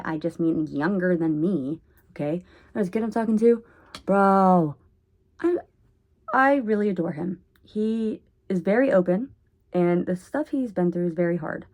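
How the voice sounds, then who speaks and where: A woman rambling in a casual vlog monologue at home, oversharing and jumping between topics with sudden loud bursts. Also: fairly low pitch, normal speed. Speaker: vlogger.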